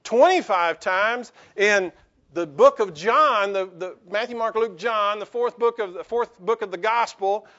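A man with a strikingly high voice preaches at an unhurried pace, drawing the congregation in with jokes and calls for response. The recording sounds dull and lo-fi. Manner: lively, joking with the congregation. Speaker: pastor. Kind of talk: sermon. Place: church.

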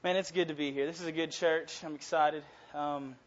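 A young man, a college pastor giving an energetic, enthusiastic sermon in a church and reading scripture aloud. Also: on the high side, normal speed. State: out of breath. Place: church sanctuary. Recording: dull lo-fi sound.

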